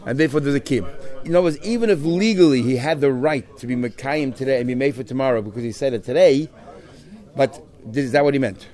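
A man teaching a Talmud class, talking through the text in an animated, questioning way and mixing in Hebrew terms. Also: mid-range voice, fast.

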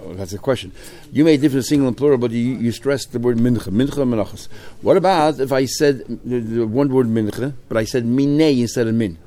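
A man's voice: medium pitch, fast, hardly any pauses. Man teaching a Talmud class. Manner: lively, mixes Hebrew-Aramaic terms into English, rhetorical questions.

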